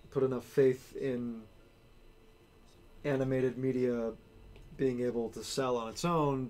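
A man's voice: medium pitch, a little mellow. A man chatting casually and rambling as he draws, with lots of fillers. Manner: rambling, filler-heavy, laid-back. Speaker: artist sketching on stream. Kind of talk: casual chat while drawing.

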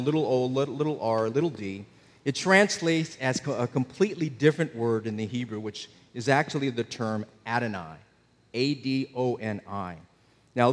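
A man's voice: medium pitch, big-room sound. A man preaching a sermon as pastor, explaining scripture in a conversational teaching manner with frequent checks on his listeners. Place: church.

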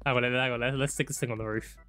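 A young man giving excitable, laddish commentary on a road trip game with friends. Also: medium pitch, fast talker, faint music behind. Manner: excitable, shouts when startled, laddish banter. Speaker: gaming YouTuber. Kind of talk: casual gameplay commentary.

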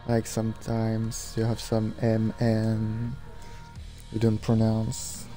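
A young man with a French accent, a native French speaker, chatting casually in English while streaming a game, halting and searching for words with many fillers. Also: on the low side, completely flat delivery, mellow, faint music behind. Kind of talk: casual gameplay chat.

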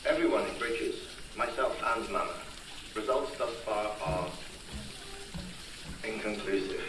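An actor plays a clinical male researcher in a game scene, talking in formal, measured sentences. His voice sits a little low. It sounds a bit far from the mic, with faint noise behind. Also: lightly acted. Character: calm male scientist obsessed with the past. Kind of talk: video game cutscene dialogue.

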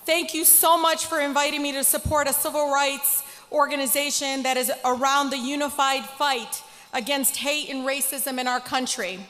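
A congresswoman giving a conference speech, telling a story in an animated way. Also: high-pitched, normal speed, faint music behind. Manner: storytelling, animated, quoting others. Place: large conference hall. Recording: echoey hall.

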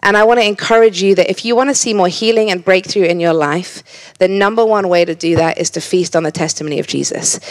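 A woman with a fairly low voice preaches a sermon in a church, speaking earnestly. She often repeats words as she begins a thought and teases the congregation now and then.

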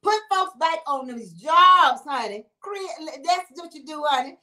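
A high-voiced woman chats on a livestream and answers her viewers. She laughs easily, keeps throwing in exclamations, and talks in an animated, conversational way. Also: a little slow. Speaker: livestream host reading comments. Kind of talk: casual livestream chat.

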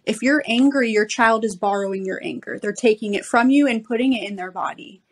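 A woman's voice: on the high side, fairly quick. A woman parenting coach, a podcast guest, patiently explaining ideas step by step. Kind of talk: podcast interview.

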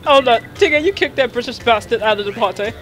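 A woman's voice: fairly high pitch, lively intonation, fast talker, a crowd in the background. A woman hosting a co-op game playthrough, trading brash trash talk with friends. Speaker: co-op game player and channel host. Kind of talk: casual gaming chat.

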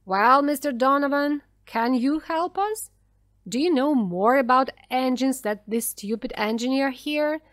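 A woman reading a storybook voices a loud, overbearing male ship's captain who pushes his men around. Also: mid-range voice, animated, measured pace, dry recording, clean studio sound, natural voice. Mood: commanding.

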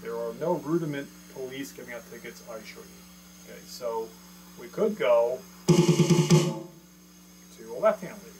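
A man's voice: mid-range voice, brisk, music in the background. A man teaching a drum lesson in a casual, joking, self-deprecating way, counting strokes aloud. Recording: noisy room with mains hum and drums.

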